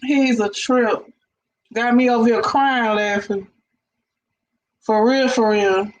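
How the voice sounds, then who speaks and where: A woman's voice: on the high side, fairly even intonation, takes it slowly, highs cut off. A woman hosting a casual reaction chat, laughing often and repeating herself while talking to viewers. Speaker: host. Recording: echoey room with faint noise.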